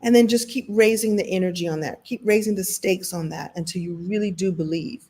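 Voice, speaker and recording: Animated woman coaching with playful asides. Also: fairly low pitch, fairly quick, slightly rough. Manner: animated, playful asides, laughs often, acts out little scenes. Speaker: motivational coach hosting a live recap. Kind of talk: lively motivational talk to an online audience.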